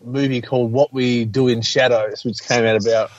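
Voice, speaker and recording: A man's voice: medium pitch, little pitch movement, normal speed, dry recording, lo-fi sound. A man chatting casually on a podcast, rambling and hesitant, often swearing. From Australia. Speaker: podcast co-host. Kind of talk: casual chat.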